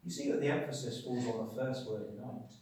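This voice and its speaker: A man preaching a sermon. He talks emphatically, asks rhetorical questions and swings between loud and quiet. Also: mid-range voice, fairly even intonation, a little fast, far from the mic, slight background noise. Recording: very echoey hall, speaker away from the mic.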